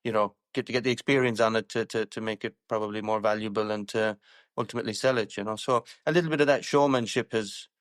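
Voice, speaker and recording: A man's voice: lowish voice, fairly even intonation, fast talker, no echo, clean studio sound. A man with an Irish accent, a show jumper chatting casually on a podcast, rambling with many fillers and restarts.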